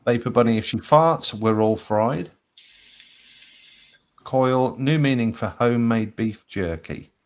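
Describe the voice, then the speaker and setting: A man's voice: medium pitch, slow, pauses often. Chuckling man reading captions. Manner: laughs often between readings. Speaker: host. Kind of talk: reading out viewer captions on a live show.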